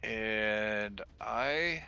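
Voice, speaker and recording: A man's voice: on the low side, drawn-out words, creaky, pushed and bright, clear, resonant tone, dull audio, faint music behind. A man playing a character in a tabletop game, easygoing and a bit hesitant. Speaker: player. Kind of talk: casual tabletop play.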